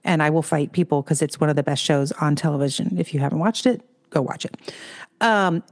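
Woman, lowish voice, chatty, animated storyteller, casual remote call. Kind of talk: casual chat.

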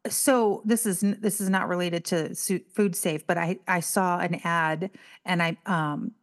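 Woman, middle-aged, animated storyteller, casual podcast co-host. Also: measured pace. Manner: animated storyteller, acts out quotes in a higher voice. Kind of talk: casual chat.

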